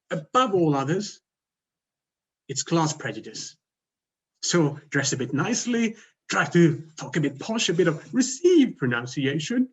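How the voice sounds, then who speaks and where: A husky-voiced man with a Swedish accent delivers a humorous contest speech through a video call. His humor is dry and self-mocking, with a rough edge to his tone. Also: fairly high pitch. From Sweden. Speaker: contest speaker.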